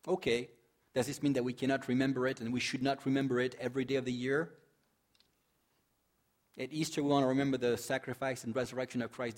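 A male pastor giving a sermon in a conversational way, asking the congregation questions, joking, and reading scripture dramatically, swelling loud and dropping soft. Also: medium pitch. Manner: conversational preaching with rhetorical questions and humor.

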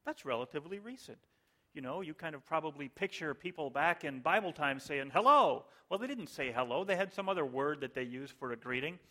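A man's voice: a little high, fairly quick, a bit bright. A male pastor giving a conversational sermon with joking asides.

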